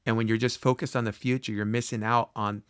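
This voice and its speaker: A man's voice: medium pitch, flat delivery, fast, fairly bright tone, smooth, no echo, clean studio sound. A man hosting his own podcast, talking earnestly in a rambling, reflective way with many restarts. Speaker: podcast host. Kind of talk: solo podcast monologue.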